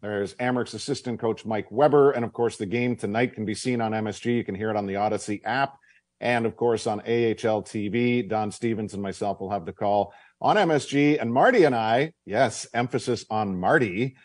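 Lowish voiced sports radio host guy, dry studio sound, chatty promo talk. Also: brisk, darkish tone, no room sound. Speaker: radio and TV hockey broadcaster, host.

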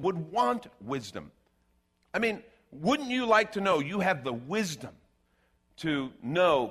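A man preaching a conversational sermon, animated and given to sarcastic asides and quick restarts. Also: on the high side, husky. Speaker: pastor.

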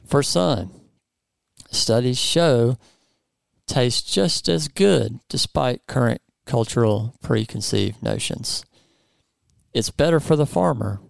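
Gravelly-voiced man hosting a studio chat. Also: medium pitch, slow, dry recording. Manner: relaxed, playful, lots of fillers. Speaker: podcast host.

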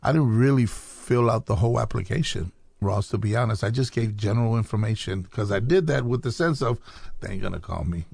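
Gravelly low-voiced man telling his story. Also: a little fast, dry recording. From Chicago. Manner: animated storyteller acting out quoted dialogue. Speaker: podcast guest. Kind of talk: casual storytelling interview.

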